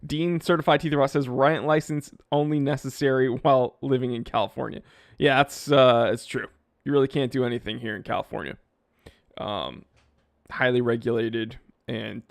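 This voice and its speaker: A man hosting a casual live stream, reading viewer comments aloud and joking about himself in a lively, self-deprecating way. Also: mid-range voice, vocal fry, dry recording, studio quality. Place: home studio in California. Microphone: wearing headphones, close mic.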